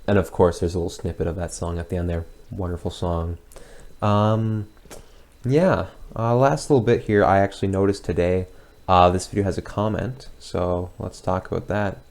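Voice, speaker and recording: A young man with a deep voice and plenty of gravelly fry, thinking aloud as he reacts to an old video of his own. He hesitates often and circles back on himself as he talks. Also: steady tone, darkish tone. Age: young adult. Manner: hesitant and rambling, with many pauses and restarts. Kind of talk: casual reaction commentary.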